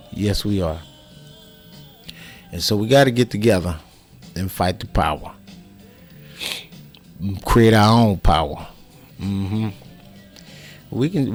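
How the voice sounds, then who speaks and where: A man's voice: mid-range voice, darkish tone. A man giving impassioned personal commentary, heated and profane, with many restarts and repeated words.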